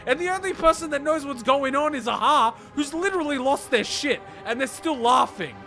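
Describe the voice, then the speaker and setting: Bright excitable man ranting, swearing. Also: extremely high pitch, fairly quick, soft background music. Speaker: reaction streamer. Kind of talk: game reaction commentary.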